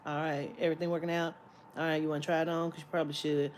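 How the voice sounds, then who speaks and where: Brief: a woman quoting a blunt, laid-back saleswoman, flat and no-nonsense, slightly low and quiet. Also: rapid-fire, slight background noise, lightly acted. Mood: matter-of-fact. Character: laid-back, blunt female store clerk.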